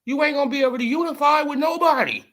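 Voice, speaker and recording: A man's voice: very high voice, quick pace, fairly bright tone. A man giving casual boxing commentary in an emphatic, repetitive, slangy way.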